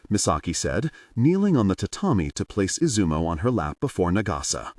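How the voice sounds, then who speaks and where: A man narrates an audiobook with expressive delivery. His lowish voice rises and falls widely. The sound is dry, with the mic a little distant. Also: a little fast, hardly any pauses, dry recording.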